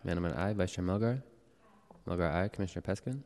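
A man serving as board clerk, calling the roll and reading announcements in a formal, measured way in a city hall chamber. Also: deep voice, darkish tone. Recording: echoey chamber with long reverb.

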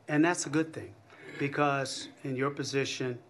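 A man's voice: medium pitch, fairly even intonation, normal speed, fairly bright tone, slight background noise. Earnest man at a public meeting. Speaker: commission vice president.

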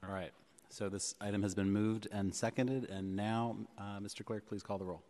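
A man with a lowish voice chairs a public board meeting. He speaks in a measured way, pausing on fillers. His voice rings with the long reverb of a big chamber. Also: flat delivery, warm tone. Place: large legislative chamber.

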